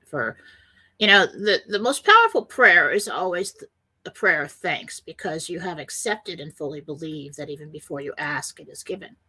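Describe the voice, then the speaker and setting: Middle-aged woman host, bright clear voice, earnest and meandering, reassuring self-help talk. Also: lowish voice. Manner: earnest, rambling, quotes panicked voices. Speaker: radio show host.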